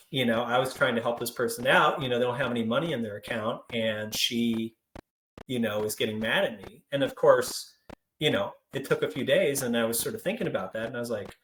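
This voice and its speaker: A young adult man from Central Kentucky leading a training presentation, telling stories in a relaxed, conversational way with frequent fillers. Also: mid-range voice, moderate pace, slight background noise. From Central Kentucky, United States. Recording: roomy echo.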